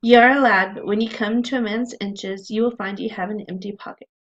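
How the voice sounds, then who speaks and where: A woman voicing a gruff, old-fashioned man lecturing a lad in archaic speech, louder than her own talk, on a dull lo-fi recording. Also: medium pitch, fairly even intonation, fairly quick, lightly acted.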